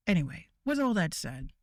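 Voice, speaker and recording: A woman's voice: fairly low pitch, dry recording, studio quality. A woman who hosts her own VTuber show, ranting bluntly and casually, with frequent swearing and laughter. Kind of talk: casual profane rant.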